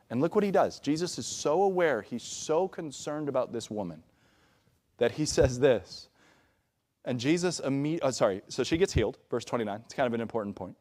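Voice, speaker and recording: A man's voice: medium pitch, brisk, a little mellow. A male pastor preaching a conversational sermon, checking in with "all right?" asides. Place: church sanctuary.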